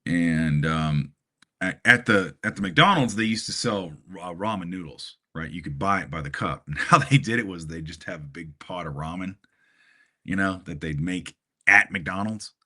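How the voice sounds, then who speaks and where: This man grew up in Hawaii and talks in a bright, punchy, slightly low voice. He rambles through a story for a friend, stacking fillers and little laughs. It sounds like a casual podcast chat. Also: moderate pace. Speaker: podcast co-host.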